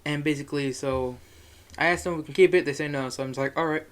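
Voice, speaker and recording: A man's voice: on the high side, fairly even intonation, quick pace. A young man telling a rambling, profane story in a casual monologue, chuckling as he goes.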